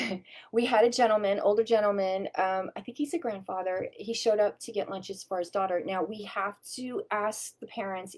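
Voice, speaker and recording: Chatty woman telling a story on a live stream. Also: mid-range voice. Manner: chatty, animated, swears casually. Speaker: wellness advocate host.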